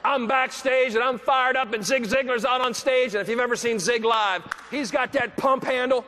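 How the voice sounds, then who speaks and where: A man with a very high, bright, forceful voice delivers a motivational keynote as a lively story, acting out the people he quotes and bursting into shouts. He is recorded in a large hall with long reverb and a faint hiss of noise. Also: normal speed, a faint crowd.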